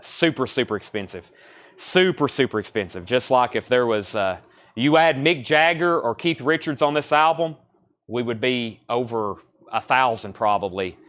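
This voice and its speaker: A man in his thirties with a medium-pitched, slightly bright voice hosts a live-stream record sale. He rattles off bids, buyer names and record details in a quick, rambling patter.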